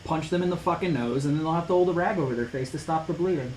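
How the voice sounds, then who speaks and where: A man's voice: on the high side, very fast, a little mellow. A man co-hosting a podcast in casual chat, cracking crude jokes. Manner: crude joking, frequent laughter. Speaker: podcast co-host. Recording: roomy echo with faint noise.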